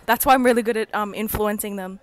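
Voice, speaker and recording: A woman's voice: mid-range voice, fairly even intonation, quick pace, a little hiss or hum. A teenage girl with an Australian accent, rambling and giggling as she vlogs her way around school grounds outdoors on a handheld phone. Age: teens. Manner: giggly, rambling, self-mocking. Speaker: student vlogger. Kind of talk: casual vlog.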